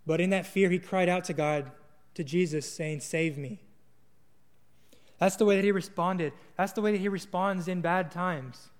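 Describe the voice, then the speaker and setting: A young man gives a sermon in a loose, earnest storytelling manner, now and then restarting a word. His voice sits high for a man. The sound rings with the long reverb of a large hall. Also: fairly even intonation, moderate pace. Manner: casual, earnest, with small restarts. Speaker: preacher.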